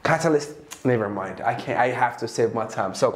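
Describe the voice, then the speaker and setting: A man with an Ethiopian accent, a native Amharic speaker, teaching English in a casual, animated lesson that mixes in Amharic and plenty of laughter. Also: medium pitch, fast, echoey room.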